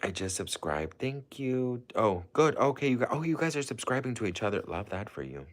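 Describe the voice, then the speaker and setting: A man at medium pitch, sing-song and fairly quick, hosts a casual livestream. Gushing and rambling with many "like"s, he reads comments from viewers aloud and chats away.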